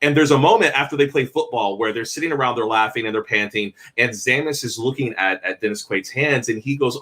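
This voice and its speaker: A man who is clearly passionate, talking in an animated way and leading a casual panel discussion. His voice is bright and forward, and he sits right in the middle of the male pitch range. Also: brisk, hardly any pauses.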